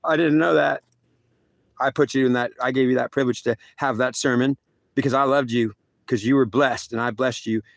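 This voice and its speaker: A man's voice: medium pitch, steady tone, fairly quick, creaky, no echo, close to an everyday voice. A man voicing a stern, lecturing God. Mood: scolding. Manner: repetitive, lecturing, stumbling restarts. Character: stern, scolding male God speaking to a soldier.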